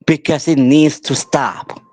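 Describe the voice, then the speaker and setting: Slow, impassioned male podcast host. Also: fairly high pitch, a little mellow, dry recording. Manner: emphatic, repetitive, pleading. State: angry. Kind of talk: impassioned monologue.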